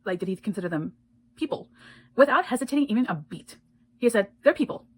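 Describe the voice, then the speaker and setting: A woman's voice: mid-range voice, expressive, fast talker, low-quality recording. A woman giving a casual spoken book review, retelling the plot in a blunt, indignant way and swearing freely.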